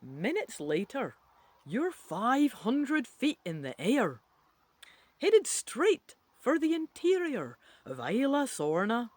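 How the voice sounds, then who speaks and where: A woman reads a choose-your-own-adventure story aloud at an unhurried pace, her pitch swooping widely. She breaks off for playful, chatty asides. The sound is dry and close. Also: wildly swooping pitch, a little mellow, no echo. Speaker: reader of an interactive adventure book. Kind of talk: reading a gamebook aloud with asides.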